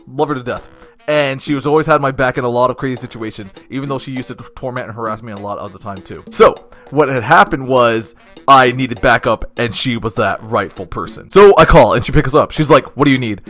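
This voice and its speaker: A young man telling a slangy, animated story-time tale of office drama, swinging between loud bursts and hushed asides. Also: medium pitch, brisk, soft background music.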